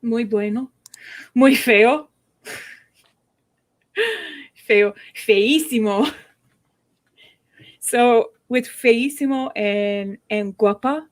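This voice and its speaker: A young woman with a fairly high voice chats casually and laughs often. She tells stories with bounce and playfully coaches her co-host through foreign phrases. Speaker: streamer chatting with a co-host. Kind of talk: casual chat.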